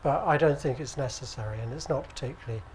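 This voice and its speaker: A British man teaching at an acupuncture conference, speaking in a relaxed, conversational way and often checking with the audience. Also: medium pitch, fast, a little hiss or hum. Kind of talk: conference lecture. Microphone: handheld microphone.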